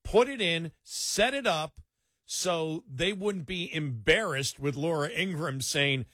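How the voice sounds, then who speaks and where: Radio talk host guy, kinda husky, bright, tells stories acting out the dialogue, dry close sound. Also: on the high side, a little slow, no room sound. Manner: animated storyteller, repeats words, acts out dialogue. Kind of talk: casual storytelling chat.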